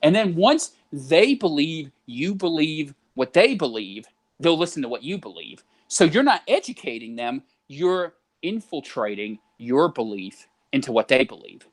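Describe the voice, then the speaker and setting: A man talking as a podcast guest, at an ordinary pitch with a lot of swing in it. He lays out his reasoning point by point and sounds set on persuading. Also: very animated, unhurried. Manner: explanatory, persuasive, building a point step by step. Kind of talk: podcast conversation.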